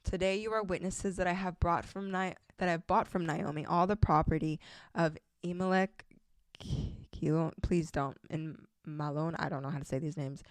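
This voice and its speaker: A young woman talks through faith-based relationship advice in a relaxed, chatty way, with a slightly low voice. She laughs easily between points. The sound is dry and close. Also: dry recording. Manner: casual, chatty, laughs often, reads scripture aloud. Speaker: podcast host.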